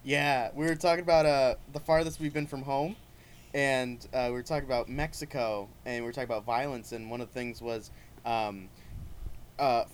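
A man's voice: medium pitch, steady tone, normal speed, slight background noise. A man in his twenties co-hosting a podcast, telling stories in casual chat with lots of "like.".

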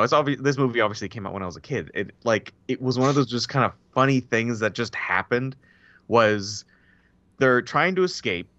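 A man guesting on a casual movie podcast, talking haltingly with many fillers. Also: medium pitch, fairly bright tone, no room sound. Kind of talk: casual movie-discussion chat. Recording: dry, dull lo-fi audio.

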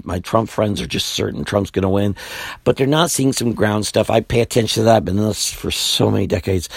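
An older man hosting a solo podcast of political commentary, rambling and repeating himself, his voice tired and going low. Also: gravelly, dry recording. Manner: rambling, repeats himself, sighs and laughs wearily. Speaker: podcast host.

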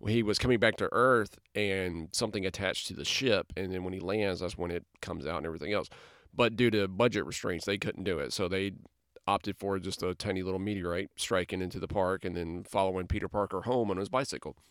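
A man hosting a podcast in casual chat, lively and chatty, laughing often. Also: low voice, fairly quick, smooth, dry recording, clean studio sound. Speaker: podcast host.

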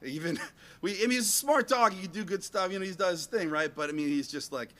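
Man, high voice, animated storyteller, rambling, self-mocking, acts out dialogue. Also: fast. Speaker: speaker telling a story to an audience.

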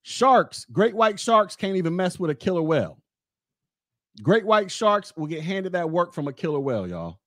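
A man's voice: sits high, big pitch swings, moderate pace, fairly bright tone, dry recording, studio quality. A man hosting a podcast, talking in a blunt, rambling way straight to his listeners. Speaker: podcast host. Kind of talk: casual monologue podcast.

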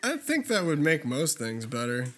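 A man's voice: a little high, huge pitch swings, normal speed, a bit bright. A man hosting a podcast, joking and swearing through loose banter in casual chat. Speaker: podcast host.

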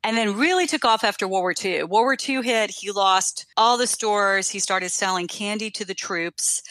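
Bright chatty woman guest, grew up around dc, dry close mic, tells family stories. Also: mid-range voice, normal speed, dry recording, low-quality recording. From Washington, D.C. area. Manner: chatty, storytelling, laughs easily. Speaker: candy and pecan business owner, guest. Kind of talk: interview conversation.

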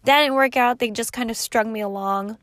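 A woman in her thirties with a fairly high voice tells a personal story in a loose, rambling way. She swears freely and leans on fillers. Her voice sounds dry and close. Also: a little fast, no room sound. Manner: rambling, profane and animated, with many fillers. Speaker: vlogger. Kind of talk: casual storytelling.

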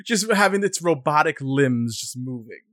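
Joking, swearing gamer with a lively voice. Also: male voice, on the high side, moderate pace, no echo, studio quality. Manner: joking, laughs a lot, swears. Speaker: game streamer. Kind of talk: casual chat over gameplay.

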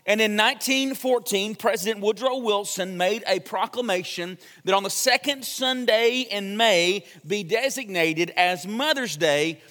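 A man's voice: high voice, a bit bright. A young man preaching a sermon in a church, a chatty storyteller who jokes with the congregation. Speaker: pastor. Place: church sanctuary. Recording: long church hall reverb.

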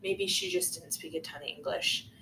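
A woman's voice: lowish voice, moderate pace. A young woman co-hosting a podcast, telling a story in a casual, chatty way with lots of "like". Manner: chatty, lots of "like", animated retelling. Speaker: podcast co-host. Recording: echoey room, faint noise.

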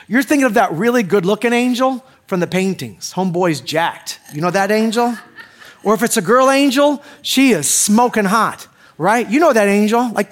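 A middle-aged man preaching a sermon as pastor, joking and talking straight to the crowd with questions. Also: high voice.

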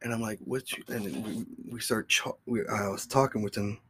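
A man's voice: lowish voice, flat delivery, brisk, sharp tone, a little hiss or hum. A man hosting his own podcast, telling a story in a rambling, profane, casual way. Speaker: podcast host.

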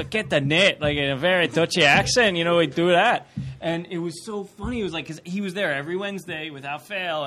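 A man co-hosting a live podcast in a comic shop, telling a relaxed anecdote. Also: on the high side, background noise. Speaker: podcast co-host. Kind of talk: casual storytelling chat.

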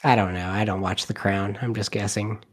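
A man's voice: fairly low pitch, steady tone, moderate pace. A man co-hosting a podcast, asking teasing questions in casual chat.

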